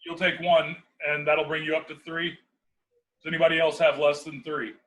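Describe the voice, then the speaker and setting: A man's voice: a little high, level tone, normal speed, a bit bright, low-quality recording. A man playing a tabletop game, sorting things out in a matter-of-fact way. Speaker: player. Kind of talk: casual game table chat.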